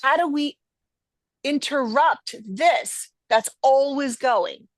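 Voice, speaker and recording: A woman's voice: sits high, animated, takes it slowly, no echo. A middle-aged woman hosting a podcast, talking emphatically in a conversational teaching style and acting out quoted voices. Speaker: podcast host.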